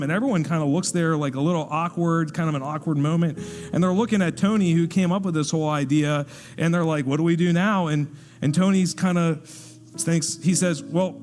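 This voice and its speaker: Male pastor telling a story in a sermon, fairly high voice, acts out the characters, long church reverb, faint music behind. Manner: lively narration, acting out the people in the story. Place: church hall.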